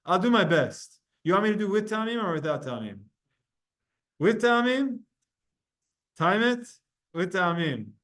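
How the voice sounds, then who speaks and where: A male Torah teacher leads a study class in a slightly raised pitch, relaxed, casual and repetitive. He explains pronunciation by example and chants verses slowly.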